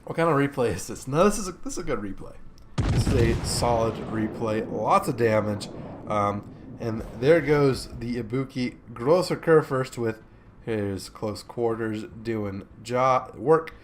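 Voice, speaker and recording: A man's voice: mid-range voice, lively intonation, a little slow, background noise. A man casually commentating a warship game replay, joking and chatty with many fillers, sleepy from recording in the morning. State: sleepy, yawning. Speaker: gameplay commentator.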